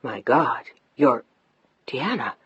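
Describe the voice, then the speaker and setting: A tender, lovestruck man speaks low and softly urgent, as a woman reading the audiobook puts him on. The voice is husky and dry, with a dull, lo-fi sound. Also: big pitch swings, slow pace, dry recording, exaggerated voice. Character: tender lovestruck grown man, the male lead.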